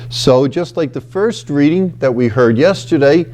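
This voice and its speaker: A male priest giving a reflective scripture talk, explaining in an unhurried way and reading scripture slowly and solemnly. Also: a little high, lively intonation, a little mellow. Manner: frequent fillers and restarts, unhurried explanatory delivery.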